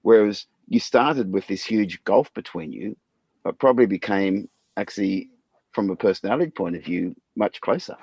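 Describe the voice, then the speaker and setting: A laid-back Australian man hosts a casual podcast chat in a low, husky voice. The sound is dry and close, with no room echo. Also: moderate pace, a little mellow. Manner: laid-back, easygoing, says "mate" often. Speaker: podcast host.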